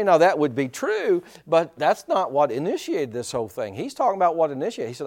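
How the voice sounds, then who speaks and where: Animated preacher man, pitch swinging widely. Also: fairly quick, few pauses. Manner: animated, rhetorical questions, chuckling asides. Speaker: pastor. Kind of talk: sermon.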